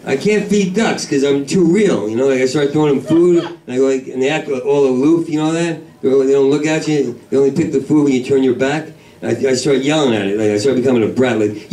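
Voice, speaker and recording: A man's voice: mid-range voice, brisk. Manic, profane man doing stand-up. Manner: manic, rambling, profane, jumps into shouted voices. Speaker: stand-up comedian. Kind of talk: stand-up comedy set. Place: comedy club main room. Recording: echoey club recording from far off with crowd. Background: audience laughter.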